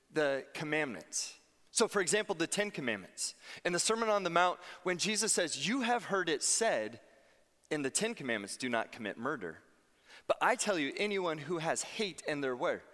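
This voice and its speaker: A man with a fairly high voice preaches a sermon as pastor. He tells stories animatedly, acting out the voices he quotes. His voice rings with a long hall reverb, as in a church sanctuary. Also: fairly bright tone.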